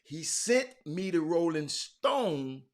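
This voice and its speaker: A man hosting a live sports talk show, chatting with viewers by name, animated and repeating words as he goes. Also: fairly high pitch, slow pace. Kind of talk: live-stream chat with viewers.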